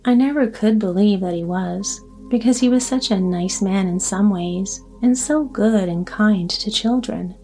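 Lady doing a fussy chatty old granny in a storybook, mellow low-key voice, soft music under it. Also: measured pace, hardly any pauses, natural voice. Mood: musing. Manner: talkative, fretful, trusting. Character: chatty, nervous old grandmother on a train.

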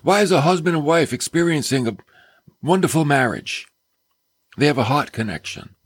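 Husky earnest male preacher. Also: a little high, expressive, moderate pace, dry recording. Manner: earnest, exclamatory, drops to soft near-whispers. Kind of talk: sermon.

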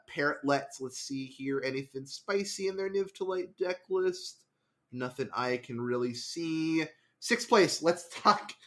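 Guy hosting a card game podcast, kinda high voice, lively and laughing a lot. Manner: animated, laughs often, quick self-corrections. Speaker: podcast host. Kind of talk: casual chat about card game results.

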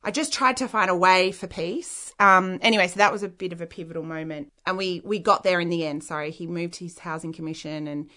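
A woman's voice: lowish voice, a little fast, hardly any pauses, sharp tone. A woman with an Australian accent, an interview guest telling a personal story in a frank, rambling way with many "like" fillers.

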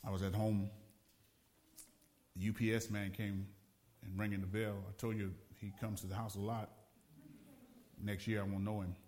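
A man's voice: lowish voice, little pitch movement, moderate pace, long pauses, darkish tone, slight background noise. A man preaching a sermon, a pastor from the Los Angeles area, telling a story with laughs and repeated phrases for emphasis.

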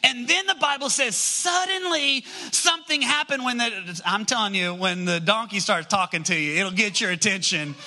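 Pastor, male; bright, lively sermon storytelling with high, ringing tone. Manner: storytelling, rises high and fast when excited.

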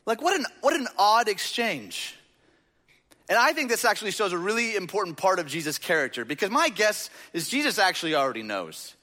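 A man's voice: mid-range voice, big pitch swings, moderate pace, pauses often, pushed and bright. A man preaching a sermon in a conversational way, asking the audience questions and often saying "like". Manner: conversational, rhetorical questions, frequent "like". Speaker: pastor. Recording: reverberant hall.

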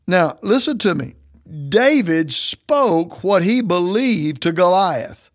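A man preaching a sermon, emphatic and declaring, often slowing down to stress his words. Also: high-pitched, animated.

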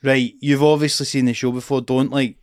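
Sweary Scottish comedian telling stories. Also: male voice, mid-range voice, fairly quick, dry recording, clean studio sound. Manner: sweary, animated anecdote-telling. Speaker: comedian and podcast co-host. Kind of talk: casual chat, storytelling. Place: podcast studio.

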